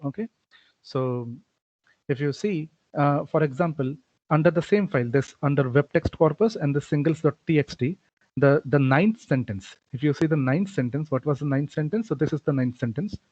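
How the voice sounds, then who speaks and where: A man's voice: fairly high pitch, normal speed, a little mellow, dry recording. Man explaining code in a lecture. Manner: explanatory, frequent "okay" and "uh" fillers. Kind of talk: recorded coding lecture. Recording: dull, lo-fi dry recording.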